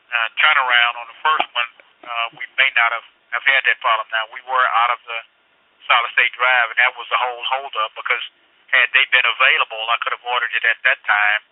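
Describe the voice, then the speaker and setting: A man's voice: mid-range voice, flat delivery, moderate pace, dry recording. A man working as a customer service representative on a phone call, hesitant, stammering and repeating himself. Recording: tinny phone line.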